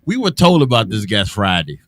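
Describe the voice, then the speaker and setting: A man hosting an afternoon radio show in casual talk, loose and chatty with drawn-out hesitations and restarts. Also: lowish voice, big pitch swings, fairly bright tone, no room sound, clean studio sound. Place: radio studio.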